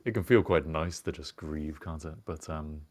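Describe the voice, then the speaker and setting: Young british man, very low voice, rambling casual chat, reflective, swears a bit. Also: moderate pace. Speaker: podcast co-host.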